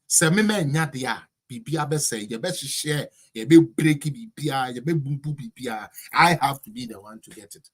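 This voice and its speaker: A man's voice: mid-range voice, lively intonation, normal speed, hardly any pauses, a bit bright, slightly rough. A man with a Ghanaian accent delivering a heated, mocking political commentary rant.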